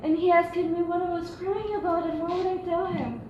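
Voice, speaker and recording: An actress as a gentle soothing elder sister. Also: female voice, very high-pitched, fairly even intonation, brisk. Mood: earnest. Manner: soothing, earnest advising. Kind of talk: stage acting. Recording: distant, echoey room, hiss.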